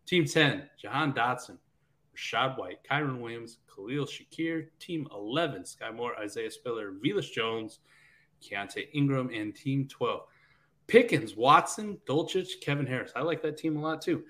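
A man's voice: mid-range voice, animated, moderate pace, sharp tone. A man co-hosting a casual podcast, laughing often as he runs through lists. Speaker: podcast co-host.

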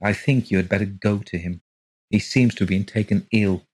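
A man reading aloud, giving a worried mother's lines in a bleak, quiet tone. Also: on the low side, fairly even intonation, moderate pace, natural voice.

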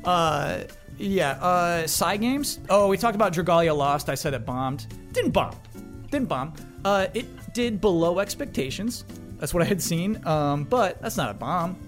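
Male podcast moderator, high and expressive voice, playful and joking, faint music behind. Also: unhurried. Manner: animated, joking host reading a listener question. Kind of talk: casual podcast chat.

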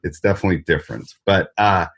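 A man's voice: sits low, fast, vocal fry, fairly bright tone. A man from Wisconsin with a Wisconsin accent, hosting a casual podcast interview and rambling with many restarts. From Wisconsin, US Midwest. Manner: rambling, restarts and repeats words. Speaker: podcast host. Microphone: desk mic.

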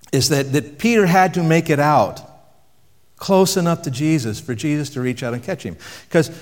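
A man preaching a sermon in a conversational way, asking the audience questions and dropping his voice for emphasis. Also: on the high side. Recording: long reverb from a hall.

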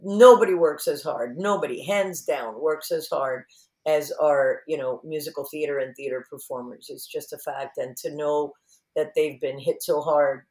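A woman's voice: sits low, moderate pace, roomy sound. A woman guest in an interview, chatting casually and acting out quotes as she tells stories. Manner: animated storyteller, acts out quotes.

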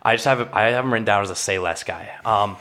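A young man co-hosting a podcast in relaxed casual chat, swearing freely and laughing often. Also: lowish voice, quick pace. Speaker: podcast co-host.

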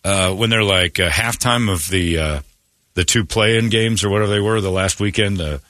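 Ranting low-voiced bright male radio host. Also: normal speed, no room sound, studio quality. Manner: opinionated, ranting, sarcastic. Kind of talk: casual morning radio rant.

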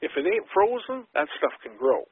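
Heard through a tinny phone line with no room sound, this habitat expert rambles folksily as a podcast guest, wandering off on tangents and tossing in sarcastic remarks. He speaks at normal speed in a fairly high, slightly rough voice that swings widely in pitch.

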